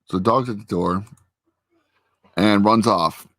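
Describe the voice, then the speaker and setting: A man's fairly low, fairly bright voice moves at a measured pace with no echo. He's a vlogger at his computer with a friend, casually recapping a TV episode in a rambling way, full of fillers and acted-out quotes.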